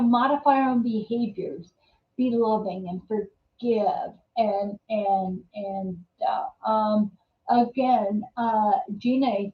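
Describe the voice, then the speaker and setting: A woman hosting a live chat show, telling a story casually with many fillers and restarts, laughing easily. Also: mid-range voice. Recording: echoey room, dull lo-fi sound.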